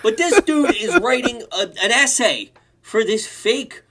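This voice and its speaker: A man's voice: very high voice, very animated, a little slow, vocal fry, very noisy. A young man hosting a reaction video, mockingly reading online comments aloud. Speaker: host.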